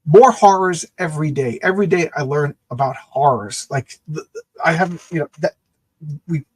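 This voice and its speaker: A man co-hosting a comic book show, chatting excitably about a comic with many stammered restarts. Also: fairly high pitch, moderate pace, husky. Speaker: comic book podcast co-host. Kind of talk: casual comic review chat.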